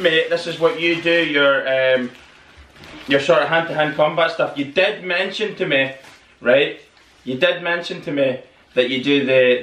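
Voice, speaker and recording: A man's voice: fairly high pitch, a bit bright. A man hosting an unboxing vlog, chatty and full of exclamations. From Northern Ireland. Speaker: channel host. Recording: echoey room, mic at a distance, noisy.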